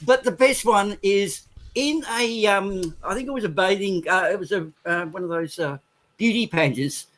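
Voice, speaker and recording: A man in casual chat, telling a cheeky anecdote in a relaxed way. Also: sits high, moderate pace.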